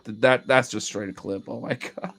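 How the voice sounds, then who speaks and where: A man's voice: medium pitch, measured pace, vocal fry, a little hiss or hum. A man casually commenting on footage of his dogs, cooing at them, laughing and swearing. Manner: excitable, cooing baby talk to pets, bursts of laughter, casual swearing. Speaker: video creator talking to his dogs.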